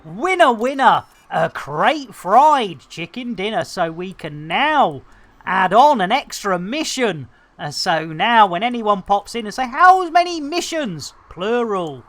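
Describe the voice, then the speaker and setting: A woman's voice: medium pitch, expressive, slow. A woman streaming a game, chatting casually with playful slang and silly asides. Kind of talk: casual live-stream chat.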